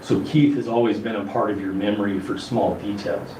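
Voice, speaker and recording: A man calmly explaining on a reality show, measured and hesitant with frequent restarts. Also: lowish voice. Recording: roomy distant clip with noisy background.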